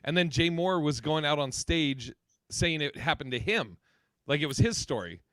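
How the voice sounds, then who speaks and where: A man's voice: on the high side, expressive, normal speed, a bit bright, no room sound. A male podcast co-host talking loosely and casually, setting up a story for someone else to tell. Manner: loose, casual, hands stories to others. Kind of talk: casual chat.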